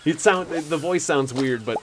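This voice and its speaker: A man's voice: a little high, measured pace, soft background music, low-quality recording. Rambling young man chatting on stream. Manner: rambling, laughs often, self-interrupting. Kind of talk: casual chat while playing a game.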